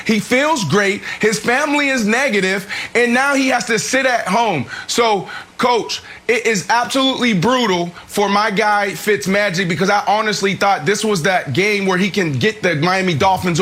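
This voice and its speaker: A man in his thirties, a former pro football player, telling an animated story on a sports talk show. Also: high voice. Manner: animated, fast-talking storyteller. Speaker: former NFL player, analyst.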